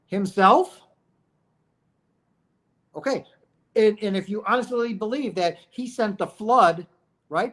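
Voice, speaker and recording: High-pitched and fairly bright, this man's voice carries a spiritual livestream on near-death experiences. He preaches emphatically, throws out rhetorical questions, and keeps asking "right?" while addressing his audience as "guys."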